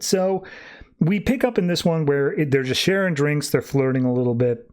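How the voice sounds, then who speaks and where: A man's voice: fairly high pitch, lively intonation, a little slow, darkish tone. A man hosting a podcast, casually retelling a comic book plot in a chatty way and often saying "like". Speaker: podcast host.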